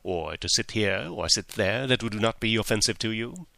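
A man reading the part of a fussy, wheedling middle-aged gentleman, coaxing and insistent, in an audiobook. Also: on the low side, animated, normal speed, creaky, no echo, heavily acted.

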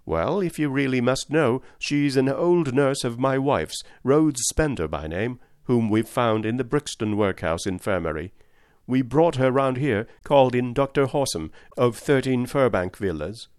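A man reading aloud and voicing a blustering, mocking middle-aged male villain, pitched above his own voice. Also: expressive, measured pace, darkish tone, no echo, studio quality, close to an everyday voice. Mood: jeering. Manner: sneering and mocking.

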